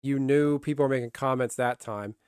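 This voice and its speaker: A man chats live to his stream in a blunt, grumbling way, cursing freely as he talks. His voice sits at a middling pitch. The sound is dry and close, with no room echo. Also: fairly even intonation, a little fast, darkish tone, clear, resonant tone. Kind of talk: casual live-stream chat.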